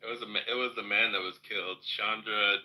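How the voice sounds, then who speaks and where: A man's voice: fairly low pitch, steady tone, brisk, bright, forceful tone, slight background noise, rough recording. A man on a casual podcast, matter-of-fact and correcting details. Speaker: podcast co-host. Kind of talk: casual chat.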